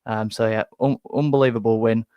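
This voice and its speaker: A man's voice: mid-range voice, fairly even intonation, brisk, smooth, dry recording, dull audio. A man hosting a football reaction live stream, rambling and self-deprecating with many restarts. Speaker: football fan channel host.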